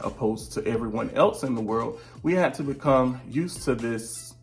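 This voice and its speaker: A man in his thirties gives a casual seated update from his home, his voice sitting at an ordinary middle pitch. He rambles a little and chuckles now and then mid-sentence, the easygoing tone of someone talking to friends. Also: expressive, moderate pace, hardly any pauses, soft background music. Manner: chatty, drifts off topic, laughs often mid-sentence. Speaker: vlogger and virtual teacher.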